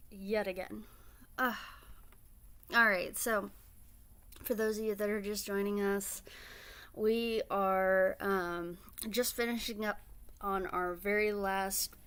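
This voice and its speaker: Upbeat woman host, hiccuping, casual stream chat, smooth mid-pitched voice. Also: fairly even intonation, slow pace, pauses often, a bit bright. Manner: chatty, upbeat, many fillers. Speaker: writing livestream host.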